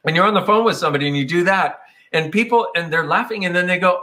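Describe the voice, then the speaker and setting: A man's voice: high voice, fast talker, few pauses, bright, forceful tone. A man talking casually and reflectively, meandering through his points. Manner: meandering, reflective, slips into playful quoted voices. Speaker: speaker on personal growth. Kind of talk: casual conversational talk.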